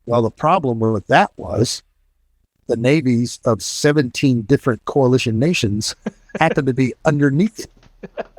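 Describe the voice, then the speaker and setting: A man's voice: mid-range voice, a little slow, no echo. Middle-aged guy telling old pilot war stories, does the voices, dry sound no room. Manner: storytelling, acts out quoted voices. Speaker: retired military pilot and author. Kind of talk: casual war stories to an audience.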